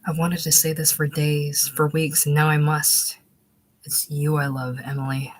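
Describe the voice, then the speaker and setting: A woman's voice: low voice, little pitch movement, unhurried. A woman voicing a charming, theatrical young Englishman in an audiobook reading, with gallant, courtly phrasing. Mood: romantic.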